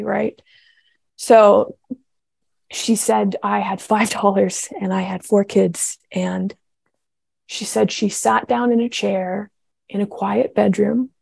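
A young woman talking through her faith in a loose, heartfelt way, circling back on herself with fillers and restarts. Her voice is mellow and gravelly with a dry, close sound. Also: mid-range voice, no room sound. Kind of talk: casual spiritual talk.

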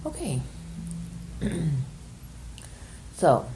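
An older woman runs a workshop group, speaking softly and hesitantly with many pauses while she explains an exercise and relates a personal experience. A little hiss or hum sits under the recording.

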